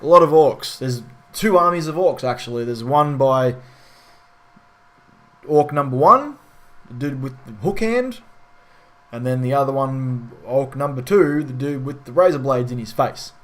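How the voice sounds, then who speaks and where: A man's voice: medium pitch, animated, measured pace, fairly bright tone. A man giving a casual spoken film review in a frustrated, ranting way with frequent swearing.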